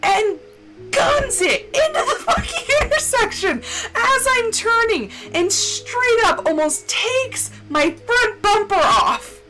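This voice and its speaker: A woman's voice: very high-pitched, sing-song, slow, over music, poor audio. A woman streamer casually telling a story while gaming, swearing often and ranting with indignation.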